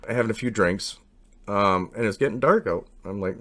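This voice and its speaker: A man casually telling a long, rambling personal story, acting out what people said. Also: moderate pace. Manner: rambling, animated, acts out quotes with raised pitch.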